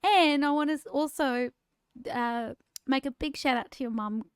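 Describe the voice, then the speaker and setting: A woman's voice: sits high, moderate pace. A woman co-hosting a podcast in casual chat, laughing often and restarting her sentences. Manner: warm, chatty, laughs often, repeats words when starting sentences. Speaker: podcast co-host.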